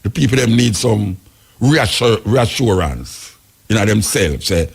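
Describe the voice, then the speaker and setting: Gravelly Jamaican man hosting talk radio. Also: fairly low pitch, lively intonation, measured pace. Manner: rambling, emphatic patois storytelling. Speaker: radio talk show host.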